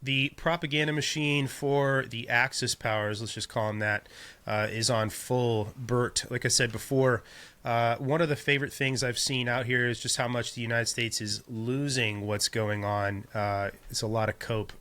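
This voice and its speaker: Male podcast host, bright edge to the voice, dry sarcastic delivery. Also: mid-range voice, steady tone, normal speed. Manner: wry, sarcastic asides. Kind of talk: casual chat.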